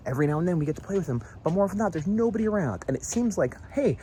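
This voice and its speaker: A man with a high voice talks very fast, with a little hiss or hum in the recording. Vlogging outdoors in front of his house at dusk, he rambles casually through stories, telling them with animation and mimicked voices.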